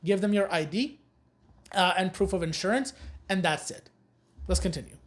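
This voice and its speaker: A woman's voice: fairly low pitch, normal speed. Woman, course instructor, blunt, emphatic, repeats warnings, plain everyday voice. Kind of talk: recorded know-your-rights lesson.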